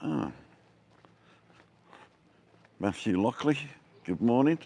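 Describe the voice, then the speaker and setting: A man's voice: medium pitch, lively intonation, slow pace, creaky, warm tone. A middle-aged man live-streaming a walking tour outdoors, chatting and greeting viewers by name from a handheld phone. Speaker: vlogger. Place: outdoors on town streets.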